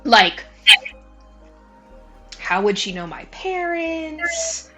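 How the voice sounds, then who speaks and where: A woman's voice: very high voice, wildly swooping pitch, drawn-out words, fairly bright tone, soft background music. A woman narrating a tabletop game as game master, casual and rambling. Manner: casual, rambling, lots of likes.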